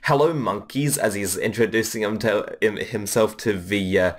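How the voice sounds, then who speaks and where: A man's voice: on the low side, flat delivery, moderate pace. A man giving a casual, rambling review of a trailer, with many fillers and restarts. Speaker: video reviewer.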